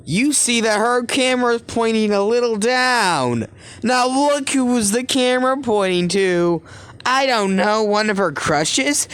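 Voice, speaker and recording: A man's voice: high voice, expressive, slow pace, fairly bright tone, clear, resonant tone. A man giving casual, rambling commentary on a cartoon, correcting himself often and laughing as he goes. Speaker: video commentator.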